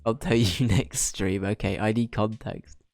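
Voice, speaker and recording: A young man streaming a game and chatting loosely with his viewers. His voice sits fairly low, and he rambles, laughs and restarts sentences often. Soft game music plays faintly behind him. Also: fairly even intonation, a little slow, creaky, no room sound, studio quality. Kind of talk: casual game-stream chat.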